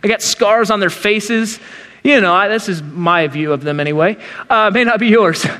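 Middle-aged male pastor, very high voice, lively storyteller who acts out the scenes, long reverb. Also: moderate pace. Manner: animated storytelling, acts out quotes in character voices. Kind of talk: sermon.

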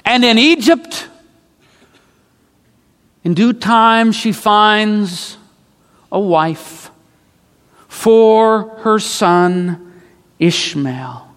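A man delivers a sermon as dramatic storytelling, leaning on repeated phrases for emphasis. His voice sits high for a man and moves slowly. A long reverb from a large hall hangs on every line. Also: animated, a bit bright, clean tone. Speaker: preacher.

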